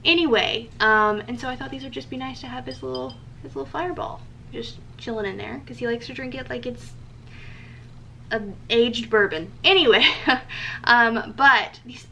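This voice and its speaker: A woman's voice: fairly high pitch, moderate pace, gravelly, bright, forceful tone, slight background noise. A young woman vlogger chatting casually about gifts she picked, with lots of ums and likes and eager enthusiasm. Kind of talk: casual gift show-and-tell.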